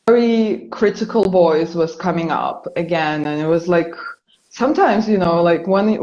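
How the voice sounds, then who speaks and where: A woman in a casual, reflective conversation, talking in a halting, searching way with many fillers and restarts. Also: fairly low pitch, warm tone, echoey room, muffled recording. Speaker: guest or co-host in a spiritual conversation.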